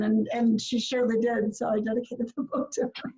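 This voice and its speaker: A woman's voice: on the high side, flat delivery, fairly quick, hardly any pauses, mellow. A woman from Minnesota, a filmmaker guest, chatting casually with lots of fillers and laughter. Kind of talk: casual interview chat. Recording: echoey lo-fi video call audio.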